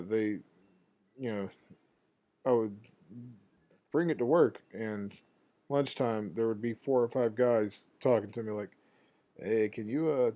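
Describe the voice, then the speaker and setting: A man's voice: fairly low pitch, mellow. A man streaming a video game and telling a loose, profane anecdote in casual talk. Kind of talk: casual rambling anecdote over gameplay.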